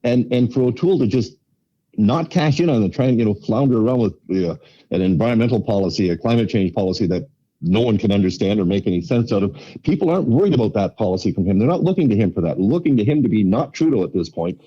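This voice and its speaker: A man commenting on politics on a panel, emphatic and quick, on a dull lo-fi remote line. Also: on the low side, lively intonation, warm tone, husky. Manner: emphatic, rapid, mimics politicians.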